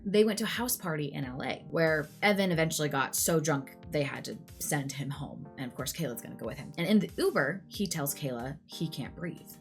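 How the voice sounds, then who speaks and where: A young adult woman casually retelling a true crime case to her viewers, chatty and full of "like" and "you know" asides. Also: deep voice.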